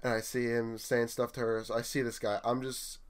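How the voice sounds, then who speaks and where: A man's voice: medium pitch, fairly quick. A young man, a store manager, telling work stories in casual chat and acting out what people said. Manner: animated storyteller, acts out quotes.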